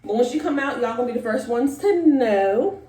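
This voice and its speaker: A woman's voice: fairly high pitch, lively intonation, fairly quick, dark tone. A pregnant young woman, out of breath, chatting straight to her viewers in a casual clean-with-me vlog from her bathroom. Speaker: vlogger. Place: bathroom at home. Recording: echoey home room with faint noise.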